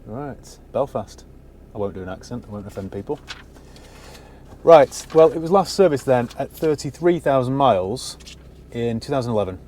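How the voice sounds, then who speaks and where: A man's voice: mid-range voice, animated, normal speed, dark tone. A man with a mid-range voice talks casually and wryly as he looks over a used car from the driver's seat. His asides are dry and a little mocking, with faint noise in the background. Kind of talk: casual walkaround commentary. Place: inside a parked car on a cold day.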